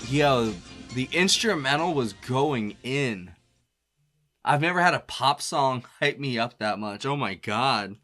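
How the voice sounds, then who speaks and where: A man hosting a reaction video chats in an easygoing, rambling way, dropping fillers and quick laughs. His voice sits at a middling pitch with a bright, pushed tone. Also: lively intonation, soft background music. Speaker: music reaction host. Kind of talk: casual reaction commentary.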